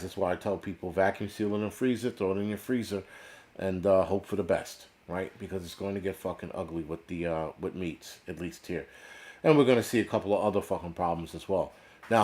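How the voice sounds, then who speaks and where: A man's voice: deep voice, a little mellow. A middle-aged American man hosting a prepper channel, ranting bluntly in a casual, profane livestream style with lots of restarts. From United States. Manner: blunt, swearing, repetitive restarts.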